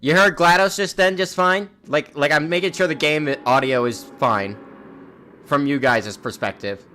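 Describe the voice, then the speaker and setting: A man's voice: on the high side, moderate pace, bright, forceful tone, a little hiss or hum. A young man streaming a game in casual chat, rambling and restarting his words, with a slightly sore throat. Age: young adult.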